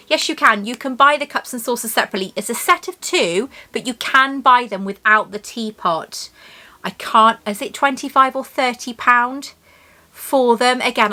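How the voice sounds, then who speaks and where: A woman's voice: on the high side, pushed and bright. An English woman chatting casually as she unboxes a tea set, rambling and gasping with delight. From England.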